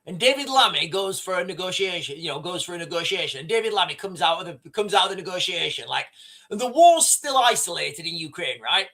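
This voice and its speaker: Animated, high-pitched male livestreamer. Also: fast talker. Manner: rambling, repeats himself, reads out viewer comments. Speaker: livestream host. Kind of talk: casual livestream commentary.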